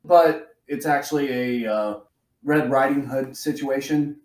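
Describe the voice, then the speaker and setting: A man's voice: mid-range voice, unhurried, reverberant. A man co-hosting a podcast who chats casually and profanely. He retells scenes with energy and jumps into quoted voices. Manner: animated storyteller, acts out quotes in a raised voice. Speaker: podcast co-host.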